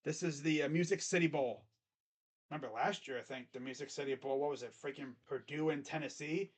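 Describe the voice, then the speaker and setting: A man's voice: on the high side, a little fast. Chatty man rambling through sports picks. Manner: rambling, chatty, self-correcting. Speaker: host. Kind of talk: casual sports picks commentary.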